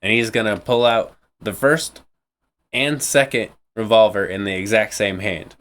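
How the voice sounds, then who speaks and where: A man playing a tabletop game, describing his character's moves in a relaxed, chuckling way. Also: fairly low pitch, a little slow. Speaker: player. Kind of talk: casual game play.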